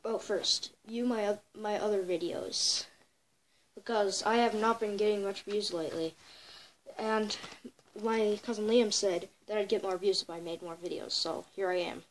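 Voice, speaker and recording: A woman's voice: medium pitch, fairly even intonation, normal speed, a little hiss or hum, poor audio. A girl telling a folk tale for a home video, reading with many stumbles and self-corrections. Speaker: storyteller.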